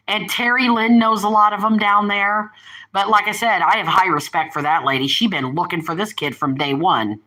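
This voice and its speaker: With a pushed, bright, medium-pitched voice, an older woman chats her way through a casual livestream. Her rambling is often interrupted when she turns to talk to her pets and family members. The audio is poor.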